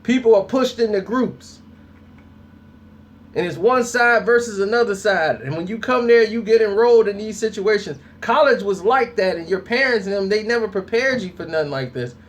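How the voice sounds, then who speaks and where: A young adult man giving casual spoken commentary on his channel, telling stories in a lively way and acting out people's reactions. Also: high voice, normal speed. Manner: animated storytelling, acts out reactions. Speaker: vlogger.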